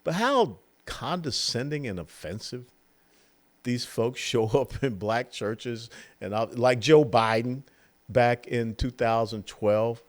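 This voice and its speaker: An older man in his sixties delivering a political commentary monologue, animated and mocking, now and then mimicking the people he talks about. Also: mid-range voice, slow pace. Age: 60s.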